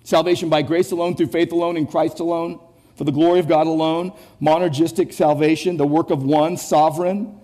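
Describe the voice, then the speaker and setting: A man delivers an expository sermon in a notably high voice with a soft, mellow tone. He stresses his points by repeating phrases and often restarts words mid-thought. He asks his listeners questions directly. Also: flat delivery, fairly quick. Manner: emphatic, repetitive phrasing with frequent word restarts; rhetorical, addresses listeners directly. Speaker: pastor.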